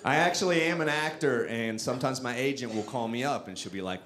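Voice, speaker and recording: A man from Texas doing a stand-up comedy set on a club stage into a handheld mic, with self-mocking, animated delivery. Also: mid-range voice, fairly quick.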